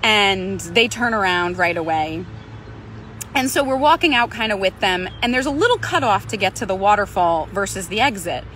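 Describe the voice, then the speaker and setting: A woman's voice: medium pitch, expressive, moderate pace, a bit bright, a little hiss or hum. A woman, a Pilates instructor, telling a personal story in a conversational way, acting out other people's lines.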